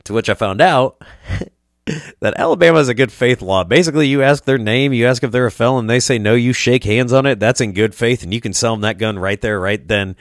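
A man's voice: medium pitch, a little fast, no room sound, studio quality. A young man from Iowa telling a rambling, profane story as a podcast host, acting out the voices of people he quotes. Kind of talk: casual storytelling.

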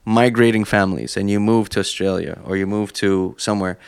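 A man's voice: lowish voice, fairly even intonation, brisk, vocal fry, clean tone. A man co-hosting a podcast, explaining his views at length with examples in casual chat. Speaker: podcast co-host.

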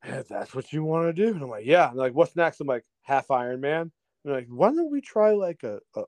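Animated man telling a story, dry close mic. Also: mid-range voice, fast talker, no room sound. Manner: animated storyteller, acts out voices, laughs often, swears. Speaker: podcast guest, triathlete. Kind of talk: casual storytelling chat.

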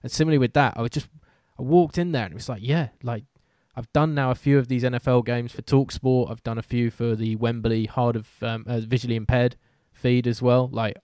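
A British man talking casually as a podcast host, loose and self-deprecating, often restarting his sentences. His voice sits at an ordinary middle pitch. The sound is close and dry, with no room around it. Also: steady tone, a little fast, few pauses, darkish tone, no room sound. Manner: chatty, self-deprecating, many fillers and restarts. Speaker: host and sports commentator.

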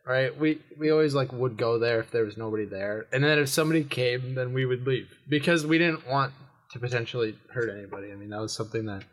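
A young man co-hosting a podcast, telling stories in casual chat with friends, animated and laughing often. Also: medium pitch, fast talker. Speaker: podcast co-host.

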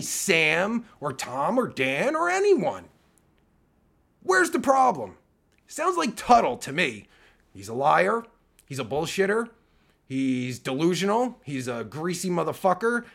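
Heated profane man with a gravelly voice. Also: sits high, fairly bright tone. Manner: profane, heated, stammering restarts. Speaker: live streamer. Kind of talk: angry rant on a live stream.

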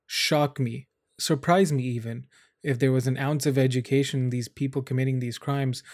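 Blunt, swearing man with a flat voice. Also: mid-range voice, dry recording, studio quality. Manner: blunt, frequent swearing, angry. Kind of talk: casual vlog commentary.

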